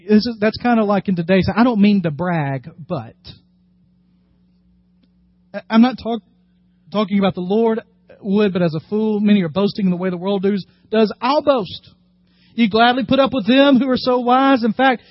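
High-voiced male pastor preaching. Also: moderate pace, no echo, muffled recording. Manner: animated, acts out scripture quotes with rising emphasis; drops to a low, quiet tone for serious points. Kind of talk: sermon.

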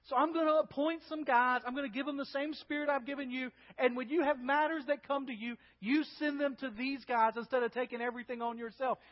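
A preacher acts out a calm, reassuring God who speaks with steady authority. The voice sits fairly high, and the recording is muffled and lo-fi with a long reverb tail. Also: male voice, brisk, hardly any pauses. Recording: dull lo-fi with long hall reverb.

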